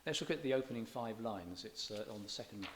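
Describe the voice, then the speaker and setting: In a church hall, a man with a lowish voice lectures fast and animatedly on poetry as a visiting English lecturer. His talk wanders chattily through digressions, and he frequently pauses to correct himself.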